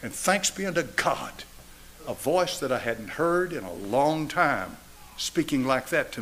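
A man in his seventies preaching a sermon and altar call, driving points home through repetition and swinging between raised and hushed delivery. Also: mid-range voice, animated, a little slow, a little hiss or hum. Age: 70s. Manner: emphatic, repetitive preaching cadence. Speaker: pastor.

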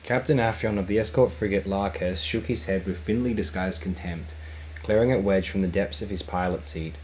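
A man narrating a science fiction novel as a fan audiobook. His voice is very deep and his delivery steady and measured. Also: slight background noise, rough recording. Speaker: audiobook reader.

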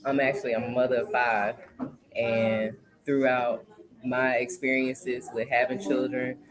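Deep-voiced woman, heartfelt. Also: flat delivery, unhurried, low-quality recording. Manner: earnest, heartfelt, repeats herself. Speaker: doula, guest. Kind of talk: conversational interview. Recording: loud crowd chatter behind.

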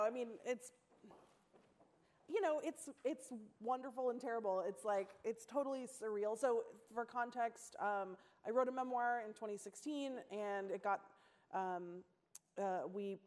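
A woman answering an audience question on stage, halting and filler-heavy with a dry, amused tone. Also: medium pitch, a little mellow. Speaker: panelist and writer. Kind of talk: candid conversational talk on stage. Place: theater stage before a live audience.

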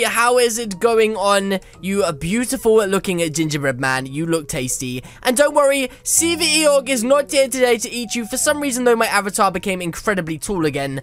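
A woman hosting a game video, chatting and exclaiming in excited commentary. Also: a little high. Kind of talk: excited let's-play commentary.

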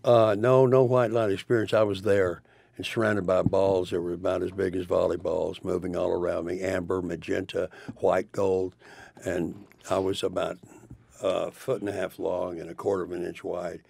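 A man's voice: low-pitched, little pitch movement, normal speed, creaky, darkish tone, no room sound. An older man, a studio guest, rambling emphatically through his stories. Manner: rambling, emphatic, spiritual musings. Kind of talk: rambling studio interview talk. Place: radio studio.

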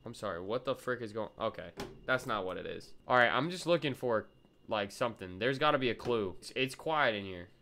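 A young man streaming a horror game, chatting with viewers in slang and yelping and shouting at every scare. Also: lowish voice, a little fast, a little hiss or hum. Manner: excitable, yelps and shouts at scares. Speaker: gaming streamer. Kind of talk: live gameplay commentary to chat.

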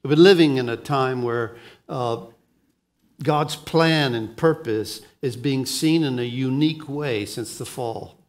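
This pastor preaches a sermon, alternating between hushed lines and emphatic ones, and he often repeats words when beginning a thought. His voice is mid-range and his delivery unhurried.

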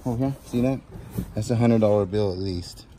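A man's voice: lowish voice, normal speed, dark tone, slight background noise. A man vlogging casually from inside a storage unit, joking as he sorts through finds. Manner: joking, playful. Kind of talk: casual chat while unboxing.

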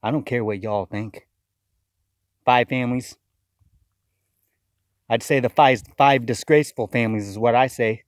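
A man's voice: medium pitch, unhurried, long pauses, no room sound, clean studio sound. A man giving a fiery, accusatory video sermon, often repeating words as he rants. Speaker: self-styled preacher. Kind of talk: impassioned video sermon rant.

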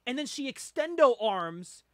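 A man with a high, bright voice talks casually about old comic books, swinging widely in pitch and laughing often. The sound is dry and close, with no room around it. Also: unhurried, no room sound. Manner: animated, laughs often, reads comic dialogue aloud. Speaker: podcast host. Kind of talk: casual comic book chat.

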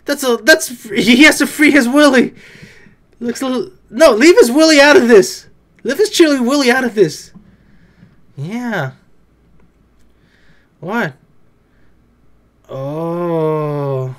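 In a casual reaction video, a voice jokes its way through an anime episode. It speaks slowly and drawn out at a mid-range pitch, then erupts into loud, excited outbursts.

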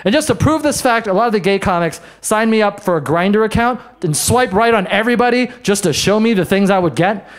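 A man doing a stand-up set in a comedy bar, brash and self-mocking, with quick asides to the crowd. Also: high-pitched, lively intonation. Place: comedy bar in front of a live audience.

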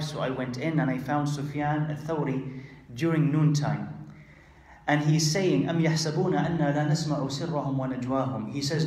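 A man giving a conversational religious lecture, acting out quoted exchanges and pausing with frequent fillers. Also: a little high, darkish tone, roomy sound. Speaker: Islamic lecturer.

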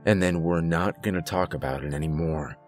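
A man voicing a stern, secretive grandfather who gives grave, hushed warnings. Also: sits low, brisk, faint music behind, voice pushed down, natural voice. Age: older.

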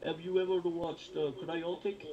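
A young man speaking with a put-on Russian accent, trading deadpan jokes as a guest in a casual chat. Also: a little high, normal speed, lo-fi sound, a crowd in the background. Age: young adult.

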